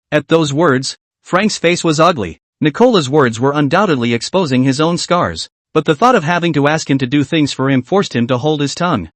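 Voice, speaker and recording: Male recap narrator, animated delivery, slightly high voice, dry close sound. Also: a little fast, few pauses, dry recording. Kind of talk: scripted story recap narration.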